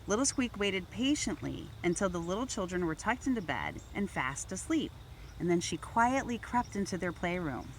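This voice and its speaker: A woman reads a picture book aloud for children with a gentle storytelling manner. Her pitch swings widely as she narrates, and faint background hiss sits under her voice. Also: expressive, normal speed. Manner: gentle storytelling, raising voice for toy characters. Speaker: volunteer reader.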